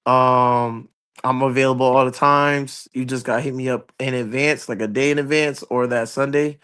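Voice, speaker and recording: A man's voice: mid-range voice, fairly even intonation, normal speed, a bit bright, clean tone. A man who is a retired boxer and trainer, talking in a laid-back, plain-spoken way as a guest. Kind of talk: casual interview chat.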